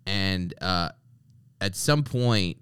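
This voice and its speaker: Animated joking male podcast host. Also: low voice, drawn-out words, very noisy. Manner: joking, sarcastic, animated storytelling. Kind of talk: casual podcast banter.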